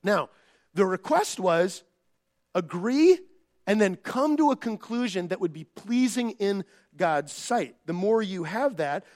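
Male pastor, fairly high voice, conversational sermon delivery, acts out quarrels. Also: a little slow. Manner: animated, acts out quoted family arguments; conversational with filler words and restarts.

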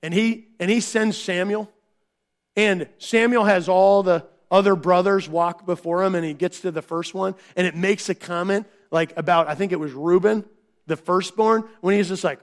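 A man preaching a conversational sermon, asking his listeners rhetorical questions and acting out quoted voices with big swings in pitch and volume. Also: fairly even intonation, moderate pace. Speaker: pastor.

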